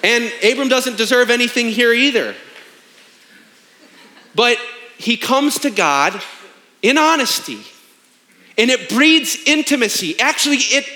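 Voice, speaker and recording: A man's voice: extremely high pitch, bright, forceful tone. A man in his thirties, a pastor preaching a sermon in an emphatic, conversational way with rhetorical questions.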